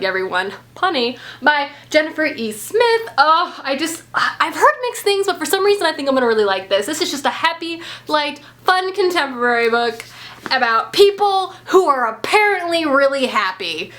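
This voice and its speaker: A woman's voice: high-pitched, big pitch swings, normal speed, a bit bright. A young woman book vlogger unboxing at home, gushing and giggly, tripping over her words as she talks to the camera mic. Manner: gushing, breathless and giggly, stumbling over names. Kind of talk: excited unboxing vlog. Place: home, indoors.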